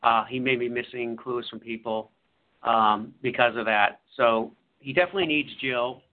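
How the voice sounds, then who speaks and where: Man, author guest, halting, lots of fillers, phone-like sound. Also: medium pitch. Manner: halting, full of fillers and restarts. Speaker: author being interviewed. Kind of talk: casual radio interview. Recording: phone-like line.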